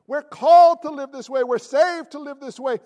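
A male pastor preaches a fiery, blunt sermon full of folksy talk, his voice riding very high for a man. A long reverb trails his words through the church sanctuary. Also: moderate pace, mellow.

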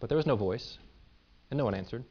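A man's voice: mid-range voice, fast. Man preaching with dull lo-fi sound. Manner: retells scripture in lively everyday paraphrase. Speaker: pastor. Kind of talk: sermon with scripture reading.

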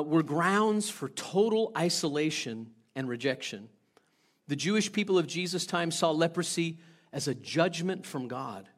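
A man preaching a sermon in a conversational way, putting questions to the congregation and moving between loud stretches and hushed ones. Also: sits high. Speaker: pastor.

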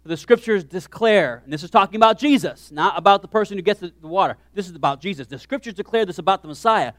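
A man preaching a sermon as pastor, animated, swinging from hushed asides to shouted lines. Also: high-pitched, a little fast, dry recording, clean studio sound.

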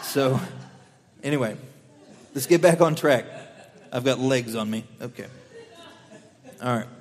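A young man preaching a sermon, earnest, swelling louder on key lines and dropping softer while telling stories. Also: mid-range voice, measured pace, long pauses. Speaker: pastor. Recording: long hall reverb.

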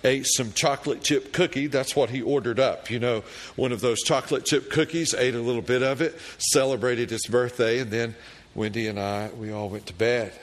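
A middle-aged pastor preaches a sermon slowly and deliberately in a steady, mid-range voice, then rises into fervent, loud readings of scripture prayers. He also tells a personal story.

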